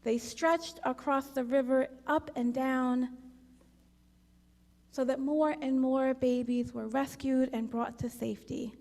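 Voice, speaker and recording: A woman leading a congregation service, telling a parable in an unhurried, gentle storytelling manner. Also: high-pitched, steady tone, creaky. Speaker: worship leader. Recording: long hall reverb.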